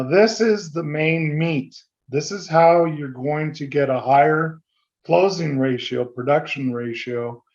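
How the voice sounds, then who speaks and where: Brisk man leading a sales training talk. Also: medium pitch, a little mellow, dull audio. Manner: brisk, conversational, acts out sample dialogue. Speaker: business communication trainer. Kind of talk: seminar presentation.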